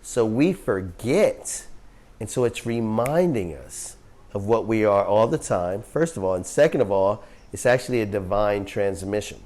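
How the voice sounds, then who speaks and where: A man teaches a group about yoga scriptures earnestly and emphatically, often asking questions and laughing easily as he tells stories. His voice is fairly low, expressive and darkish, at a measured pace.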